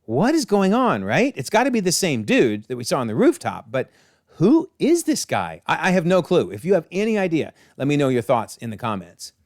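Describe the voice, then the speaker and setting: A man hosts a casual, enthusiastic comic recap, his pitch rising and falling freely. The recording is dry and close, with no room sound. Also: very animated, a little fast, few pauses, no echo. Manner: enthusiastic, laughs often.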